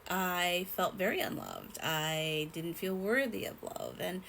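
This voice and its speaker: A young woman telling a personal story in a rambling, halting way, with many fillers and restarts. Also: on the low side, vocal fry, a bit bright, slight background noise, rough recording. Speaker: vlogger.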